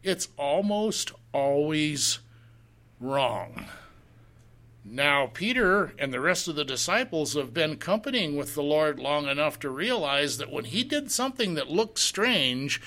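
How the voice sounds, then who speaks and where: Male pastor, sermon, slow deliberate delivery, bright tone, rhetorical questions. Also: on the high side. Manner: slow, deliberate, reads scripture in old-fashioned wording. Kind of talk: sermon, verse-by-verse Bible teaching.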